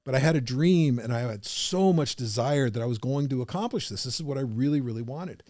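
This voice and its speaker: A man guesting on a podcast, telling his own story with animated energy and acting out the people in it. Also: mid-range voice, fairly quick, dry recording, studio quality. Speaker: podcast guest, business coach.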